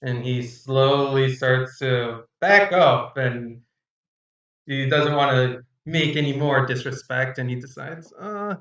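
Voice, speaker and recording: A man's voice: medium pitch, slow, fairly bright tone, far from the mic, highs cut off. Rambling game master man in an echoey room. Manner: rambling, hesitant narration. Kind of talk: narrating a tabletop game.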